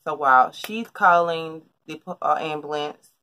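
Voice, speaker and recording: A woman's voice: low voice, unhurried, sharp tone, slight background noise. A young woman telling a personal story in a casual, rambling vlog from her bedroom, full of fillers and restarts. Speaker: vlogger. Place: bedroom at home.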